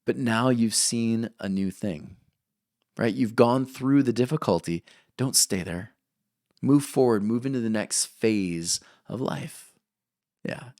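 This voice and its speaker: A man preaching a sermon in an animated way, often tagging his points with a quick "right?" to the congregation. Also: mid-range voice, dry recording, studio quality. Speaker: pastor.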